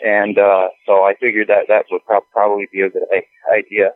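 A man talking as a podcast guest, halting and stammering, often repeating words as he speaks. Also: on the low side, completely flat delivery, no echo. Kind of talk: casual conversation. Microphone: phone call. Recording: tinny phone line, dry.

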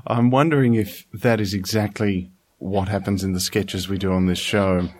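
A man's voice: low-pitched, fairly even intonation, moderate pace, darkish tone. A man from Australia, hosting a casual podcast chat, easygoing with dry asides and frequent laughter. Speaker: podcast host.

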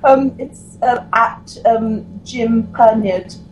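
A woman co-hosting a casual chat, giggly and hesitant, often pausing on ums. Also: on the high side, darkish tone, a little hiss or hum, rough recording. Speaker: podcast co-host.

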